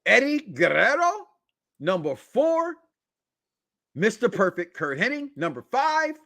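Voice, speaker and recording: A man hosts a wrestling talk podcast, emphatic and fond of dramatic pauses as he counts down a list. His voice sits high and swings widely in pitch, recorded close and dry. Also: vocal fry, sharp tone, no echo. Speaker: podcast host.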